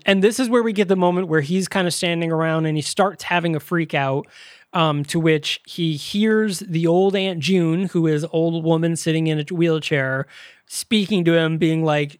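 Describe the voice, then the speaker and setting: In a dry, studio-quality recording, a man with a slightly high voice co-hosts a podcast, chatting casually about a movie and filling his rambling review with fillers.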